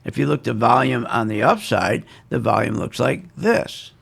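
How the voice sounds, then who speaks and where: A man's voice: mid-range voice, lively intonation, normal speed, creaky, a bit bright, husky. A man giving casual, emphatic and self-assured stock market commentary, repeating his points.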